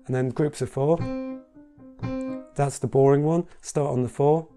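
A man's voice: medium pitch, fairly even intonation, unhurried. A man teaching piano in a casual tutorial, chatty and reassuring as he demonstrates at the keyboard. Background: piano playing.

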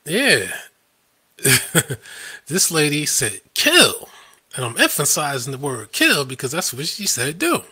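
A man's voice: fairly high pitch, very animated, a little slow, sharp tone, slightly rough. A man hosting a live stream, ranting in a combative, scoffing way and laughing at his own points.

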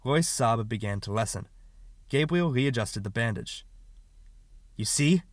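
A man narrating an audiobook in a measured, steady reading. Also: mid-range voice, dry recording. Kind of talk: scripted narration.

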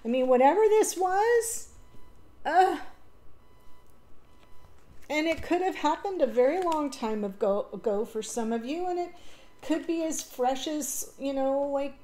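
Mellow-voiced woman giving an emotional tarot reading. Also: high-pitched, animated, measured pace, long pauses. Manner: emotional, rambling, with fillers and self-corrections. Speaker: tarot reader. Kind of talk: casual spoken tarot reading.

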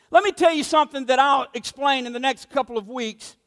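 Man, pastor, sermon, emphatic, conversational, very high voice, long echo. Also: a little fast, fairly bright tone. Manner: emphatic, conversational, acts out quotes.

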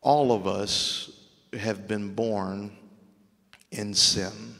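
Speaking very slowly in a fairly low, creaky voice with a fairly bright tone and fairly even intonation, a Louisiana pastor delivers a sermon. His polished diction and frequent word repeats mark his earnest preaching, and the long hall reverb of the sanctuary surrounds him.

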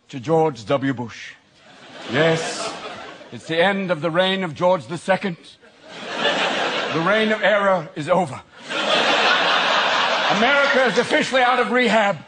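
A man doing live stand-up comedy in a theatre, manic and fast-shifting, jumping between shouted bits and low asides. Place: large theatre with audience. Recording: loud crowd laughter and noise.

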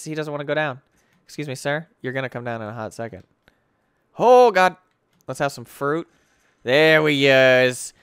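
A young man rambling through casual gameplay commentary as a gaming video host, excitable and full of filler words. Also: medium pitch, clean tone, dry recording, clean studio sound. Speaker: gaming YouTuber.

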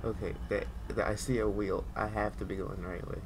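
A woman playing a horror video game and commenting, swearing at it, swinging from low mutters to loud yells. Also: fairly even intonation, fairly quick. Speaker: gaming video host. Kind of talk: let's play commentary. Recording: game audio noise behind.

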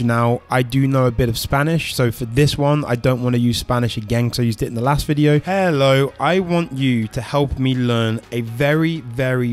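A man of middle pitch gives a casual, rambling tech demonstration, firing quick requests at an AI assistant. Faint music sits under his voice. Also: steady tone. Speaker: tech video host. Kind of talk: casual tutorial demo.

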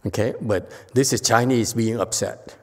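Monk, male, gravelly mid-pitched voice, lively lecture style in a reverberant hall. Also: normal speed. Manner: animated storytelling, acting out quotes. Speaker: Buddhist monk lecturing on a sutra. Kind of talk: informal sutra lecture.

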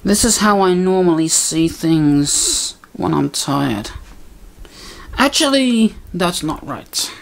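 A woman's voice: on the low side, sing-song, slow, gravelly. A woman rambling casually in a vlog while fiddling with her camera and gear, grumbling and mocking herself. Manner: grumbling, self-mocking muttering. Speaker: video maker.

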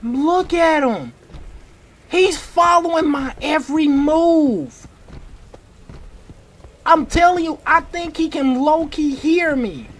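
A gamer giving casual, slang-filled commentary on a horror game, panicking, repeating short exclamations and breaking into shouts. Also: high voice, expressive, slow, pauses often.

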